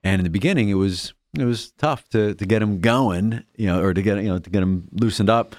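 A man's voice: lowish voice, fairly quick, no room sound, clean studio sound. A man co-hosting a faith reflection show, telling a story in casual chat and acting out the voices of the people in it. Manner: animated storyteller, acts out quoted voices, restarts often.

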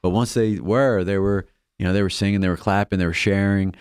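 A man's voice: sits low, a little fast, clear, resonant tone, dry recording, studio quality. A man co-hosting a faith reflection show, telling a story in casual chat and acting out the voices of the people in it. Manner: animated storyteller, acts out quoted voices, restarts often.

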